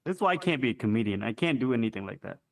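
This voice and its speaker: Relaxed young man, casual banter. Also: medium pitch, rapid-fire, vocal fry. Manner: relaxed, self-deprecating, swears casually. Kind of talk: casual chat.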